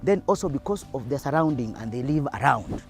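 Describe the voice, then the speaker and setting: A man with a mid-range voice talks in a documentary interview. He speaks haltingly and often restarts his phrases. Light music sits beneath him. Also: mid-range voice, animated.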